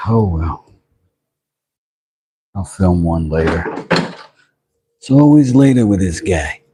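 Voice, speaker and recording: A man's voice: low-pitched, animated, takes it slowly, pauses often, background noise. A man hosting a laid-back livestream, chatting and greeting viewers. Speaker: livestream host. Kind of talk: casual livestream chat.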